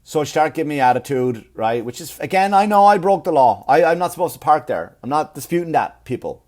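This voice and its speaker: Animated, swearing man ranting. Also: a little high, fairly quick. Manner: swearing, animated storytelling with acted-out quotes. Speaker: podcast host. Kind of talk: comedic rant.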